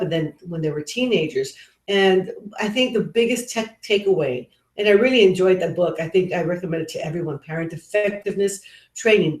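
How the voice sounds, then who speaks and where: A middle-aged woman giving a parenting webinar, talking earnestly and conversationally with frequent restarts. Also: lowish voice. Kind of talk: webinar talk with personal stories. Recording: roomy echo.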